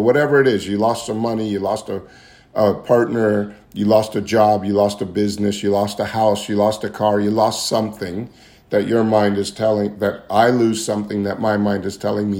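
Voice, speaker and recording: A man's voice: lowish voice, level tone, normal speed, darkish tone. Earnest man sharing a confessional story. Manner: earnest, confessional, repeats phrases while searching for words. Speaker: speaker sharing recovery story. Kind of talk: personal testimony talk.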